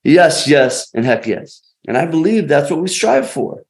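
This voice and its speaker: A man's voice: fairly high pitch, sing-song, a little slow. A man who is a podcast guest, telling stories in an emphatic, motivational way with punchy phrasing. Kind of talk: conversational storytelling.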